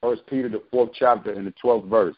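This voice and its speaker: A man's voice: fairly low pitch, fairly even intonation, a little fast. A man leading a conference-call bible study, preaching with repeated phrases for emphasis. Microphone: phone conference call. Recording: dull lo-fi phone call.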